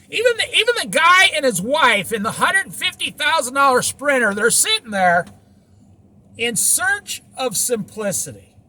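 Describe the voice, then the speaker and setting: A man's voice: very high voice, pushed and bright, dry recording. A man giving an opinionated, preachy monologue about living simply in a van, repeating points and firing rhetorical questions. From United States. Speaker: van-life vlogger.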